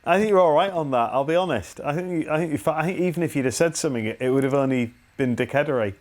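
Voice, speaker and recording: A man's voice: on the high side, quick pace, darkish tone. An English man co-hosting a casual podcast, playful and teasing, often laughing. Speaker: podcast co-host.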